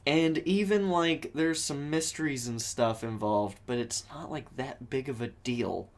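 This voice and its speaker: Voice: medium pitch, a little slow. Casual podcast co-host, loose rambling movie talk. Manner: rambling, many likes and ums.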